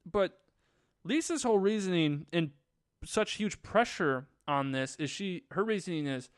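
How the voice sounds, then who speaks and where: A man's voice: sits high, lively intonation, a little slow, no echo, studio quality. A young man reviewing a movie in a casual vlog, sarcastic, crude and rambling as he retells the plot.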